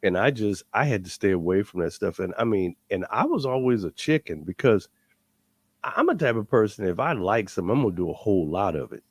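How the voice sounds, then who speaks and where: Lively man telling a story. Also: on the low side, fairly quick, slightly rough, no room sound. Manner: repeats words as he builds up. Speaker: guest. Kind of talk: animated storytelling.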